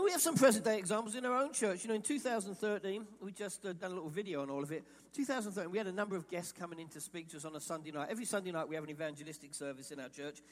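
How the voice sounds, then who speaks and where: A man from England preaching a sermon, animated and quoting imagined voices as he speaks. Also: sits high, in a large hall. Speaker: pastor.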